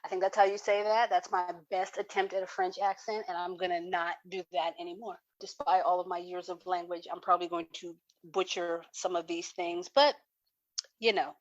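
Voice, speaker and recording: A woman's voice: lowish voice, level tone, moderate pace, no room sound, muffled recording. A woman co-hosting a car talk show, chatty and casual, reading facts with many ums. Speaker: co-host.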